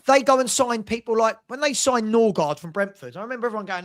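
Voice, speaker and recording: A man's voice: very high-pitched, expressive, fast, a bit bright. A man hosting a casual football fan chat, ranting in an exasperated way. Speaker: host.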